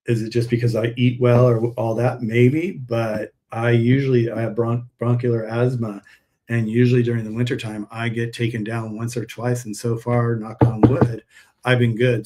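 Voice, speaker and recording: A man's voice: mid-range voice, darkish tone. Rambling man hosting a live stream. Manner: rambling storyteller, many restarts. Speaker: host, pet supplement seller. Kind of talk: live stream chat with viewers.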